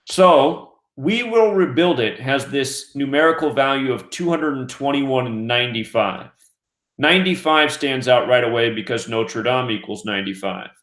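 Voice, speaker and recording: Man from the US, mid-pitched voice, earnest steady monologue, echoey room. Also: normal speed. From United States. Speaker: host of a conspiracy news channel. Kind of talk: scripted monologue commentary. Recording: roomy echo.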